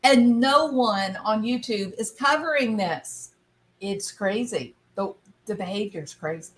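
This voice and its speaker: A woman's voice: medium pitch, measured pace, slight background noise. A woman hosting a casual video commentary, chatty and amused as she explains a clip. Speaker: commentary show host.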